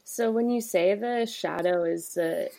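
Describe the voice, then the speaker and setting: A woman's voice: medium pitch, unhurried, gravelly, warm tone. A woman hosting a podcast interview, asking curious follow-up questions. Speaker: podcast host.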